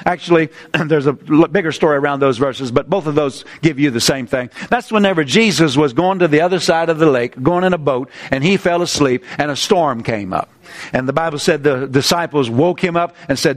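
Higher-voiced man preaching with fervor. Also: moderate pace. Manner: animated preaching, rising pitch on emphasis, asides and restarts. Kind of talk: sermon.

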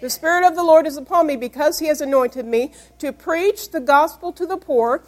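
A woman's voice: high voice, a little fast. A woman pastor preaching a Bible-study sermon. She reads scripture aloud and asks her congregation questions to prompt their answers. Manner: emphatic, call-and-response questions.

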